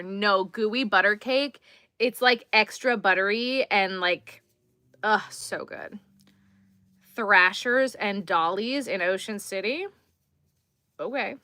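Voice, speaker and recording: A woman's voice: mid-range voice, slow, long pauses, sharp tone, clear, resonant tone, no room sound, clean studio sound. A woman hosting a casual crochet livestream, chatting easily with viewers and sounding a little tired. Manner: chatty, easygoing, responds to viewers while crocheting. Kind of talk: casual livestream chat, reading chat comments.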